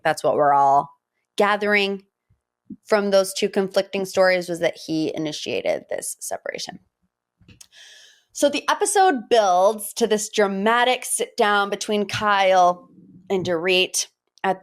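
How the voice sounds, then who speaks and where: A woman hosting a podcast, giving a chatty, gossipy recap full of personal asides. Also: on the low side. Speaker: podcast host. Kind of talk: casual pop-culture recap.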